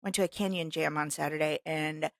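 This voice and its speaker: A woman from Missouri, co-hosting a podcast and telling animated stories in casual chat. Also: low voice, a little fast, gravelly, no echo. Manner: animated storyteller who acts out quotes. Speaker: podcast co-host.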